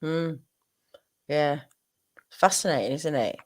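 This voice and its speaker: A woman's voice: sits low, slow, a little mellow. A woman with a plain Northern English accent hosting a casual conversation, talking hesitantly with many restarts. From northern England. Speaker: host.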